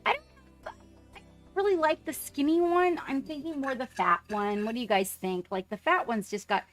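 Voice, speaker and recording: A chatty woman with a somewhat high voice talks excitedly through a casual livestream. She keeps breaking off to greet viewers by name. Soft music plays quietly underneath. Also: normal speed. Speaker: livestream host painting miniatures.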